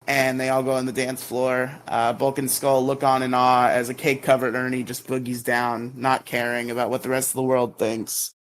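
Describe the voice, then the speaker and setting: A man co-hosting a casual podcast, retelling episodes with filler words and quick high-pitched character impressions. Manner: lively retelling, jumps into exaggerated high voices for characters. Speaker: podcast co-host recapping episodes. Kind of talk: casual recap chat.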